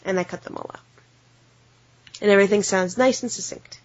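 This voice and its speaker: A woman's voice: medium pitch, fairly quick. A young American woman chats loosely on a podcast, tripping over restarts and fillers. Her voice sits mid-range. The audio is a bit dull and lo-fi. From United States. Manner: chatty, many fillers and restarts, acts out silly voices. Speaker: podcast co-host and editor. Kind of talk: casual chat.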